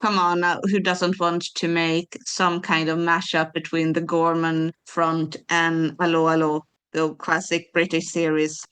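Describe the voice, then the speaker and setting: A woman's voice: deep voice, completely flat delivery, unhurried, hardly any pauses, a bit bright, clean tone. A woman co-hosting a podcast in casual chat, explaining her views at length with enthusiasm. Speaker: podcast co-host.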